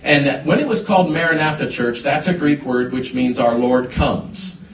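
A man preaching a sermon, telling a personal story with halting restarts before building to emphatic points. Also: mid-range voice, a little hiss or hum. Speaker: pastor. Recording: echoey hall, voice from a distance.

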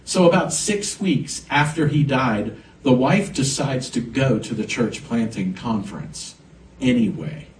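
A man's voice: medium pitch, sing-song, unhurried, vocal fry, a little hiss or hum. A man preaching a sermon as pastor, emphatic and swelling on key words. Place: church sanctuary. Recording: echoey church room, mic at a distance.

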